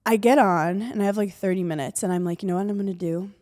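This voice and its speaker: Speaking fast in a mid-range voice, this woman co-hosts a podcast and spins a lively story in relaxed conversation. She voices the people in it as she quotes them.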